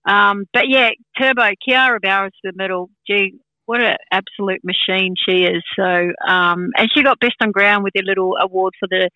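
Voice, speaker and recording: A woman's voice: mid-range voice, steady tone, normal speed, pushed and bright, no echo, muffled recording. A woman from New Zealand giving casual sports chat as a football pundit, chatty with many fillers.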